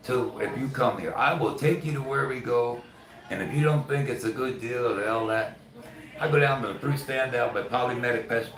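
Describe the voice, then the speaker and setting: A middle-aged American man vlogging in a chatty, rambling way that jumps between topics. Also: lowish voice. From United States. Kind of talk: casual chat. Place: outdoors. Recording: echoey with loud ambient noise.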